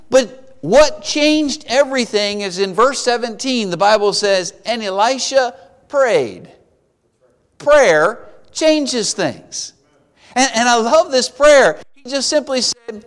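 A man preaching a sermon, retelling a Bible story with lively acted-out voices. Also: very high voice, measured pace, long reverb tail. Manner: animated storytelling, acting out voices of biblical figures.

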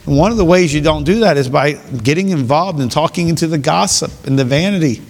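A man's voice: a little high, fairly quick, hardly any pauses. Earnest preaching man in a reverberant room. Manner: earnest, with frequent restarts and repeated phrases. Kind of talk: sermon.

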